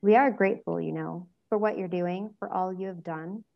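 A woman's voice: mid-range voice, moderate pace, vocal fry, highs cut off, lightly acted. Hermione, as a woman reads her, teasing and witty. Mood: earnest. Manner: teasing, sarcastic. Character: clever witty young witch, teasing.

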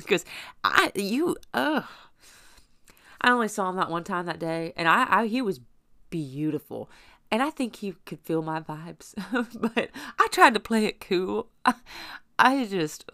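A woman's voice: medium pitch, lively intonation, a little slow, pauses often, bright, forceful tone, smooth, dry recording, studio quality. A young woman casually telling a personal story in a blunt, profane, rambling way, full of fillers.

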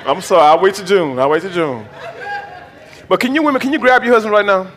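A man's voice: sits high, fast talker, a bit bright, long reverb tail, some chatter behind. A man, the bishop of his church, preaching a sermon with call-and-response and folksy jokes to the congregation. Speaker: pastor, bishop. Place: church sanctuary.

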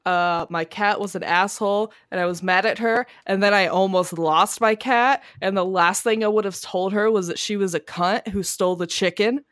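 A woman co-hosting a podcast, telling a long story in casual chat, swearing freely and loudly acting out the people she quotes. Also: medium pitch, steady tone, normal speed, hardly any pauses, no echo, clean studio sound. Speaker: podcast co-host. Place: home garage studio.

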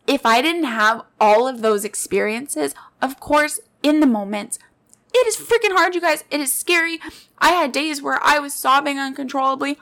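Speaking directly to her audience, a podcast host in her late twenties tells personal stories in a sincere, heartfelt monologue. Her voice sits fairly high with a fairly bright tone, and she moves at an ordinary speed.

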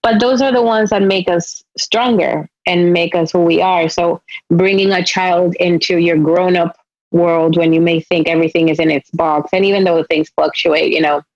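A woman's voice: fairly low pitch, fairly even intonation, normal speed, a little mellow, dry recording, muffled recording. A woman with a Spanish accent hosting a podcast, speaking in earnest, reflective runs in casual interview chat. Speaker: podcast host.

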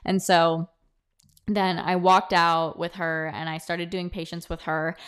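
A woman's voice: on the low side, a little slow, clean tone. Chatty young woman telling a story. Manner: chatty, animated, quotes others in dialogue. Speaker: podcast host. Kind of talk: casual storytelling monologue. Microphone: own podcast mic, close.

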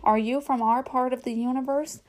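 A woman's voice: high voice, steady tone, fairly quick, pitched above the performer's own voice, natural voice. A woman reading aloud, voicing an earnest young boy who is a big brother. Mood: curious.

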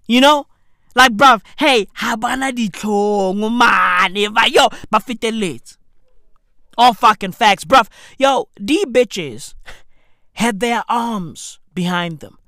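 A man, delivering a profane, slang-filled comedic rant and often breaking into shouts. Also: high-pitched, dry recording, studio quality. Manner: loud swearing slang-heavy, jumps to shouts. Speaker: comedic ranter.

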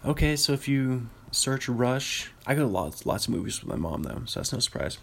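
A man's voice: medium pitch, big pitch swings, normal speed, vocal fry, slightly rough. A man hosting a podcast, rambling about films in casual chat, often correcting himself and chuckling. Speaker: podcast host.

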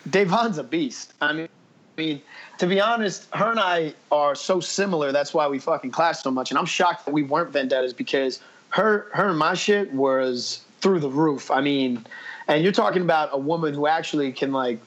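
A man's voice: on the high side, normal speed, fairly bright tone, lo-fi sound. A man guesting on a podcast, telling stories in a blunt, profane way and acting out his own past lines. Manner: profane, quotes himself with "I was like"; blunt and brash. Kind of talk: casual interview storytelling.

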